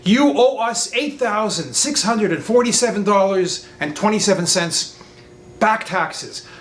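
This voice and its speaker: A man voicing a threatening male phone scammer who poses as a tax official, speaking in a deep, stern way. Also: animated, a little slow, fairly bright tone, echoey room.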